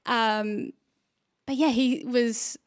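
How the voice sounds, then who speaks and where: A woman's voice: on the high side, fairly even intonation, extremely slow, no echo, clean studio sound. A woman, an actor and comedian, telling a story in a rambling, casual way, with lots of fillers and restarts. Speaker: podcast guest, actor and comedian. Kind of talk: casual chat.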